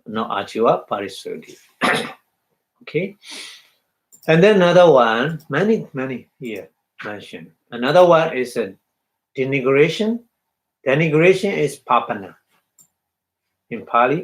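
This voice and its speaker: A man giving a dharma talk as a Buddhist meditation teacher, halting, repeating phrases and checking in with his listeners. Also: mid-range voice, rough recording.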